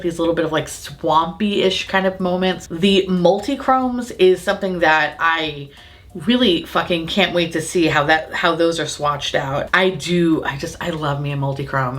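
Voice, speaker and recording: Young woman gushing over makeup, swears constantly, kinda low voice, giggly and self-mocking. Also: a bit bright. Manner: gushing and heavily profane. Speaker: beauty YouTuber. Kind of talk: casual makeup review vlog.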